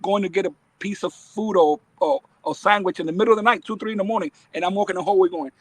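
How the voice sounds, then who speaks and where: Animated high-voiced man telling stories. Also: fast, dry recording, rough recording. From Bronx, New York. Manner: animated, emphatic storyteller who laughs often. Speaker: guest, baseball academy owner. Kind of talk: casual podcast interview.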